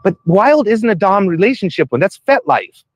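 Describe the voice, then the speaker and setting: A man's voice: high-pitched, very animated, normal speed, no echo, dull audio. A man hosting a stream, confronting someone in a heated, accusing way and swearing freely. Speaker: stream host confronting a suspect.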